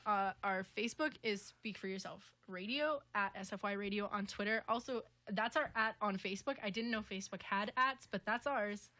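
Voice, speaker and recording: A woman's voice: fairly high pitch, bright, forceful tone, no echo. A young woman hosting a college radio show, chatty and self-deprecating in casual studio banter.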